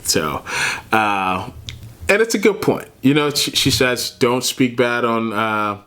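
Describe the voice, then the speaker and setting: A man's voice: medium pitch, lively intonation, slow pace, pushed and bright. A man hosting a reaction video, talking casually, often laughing and calling the listener man and bro. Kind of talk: casual commentary.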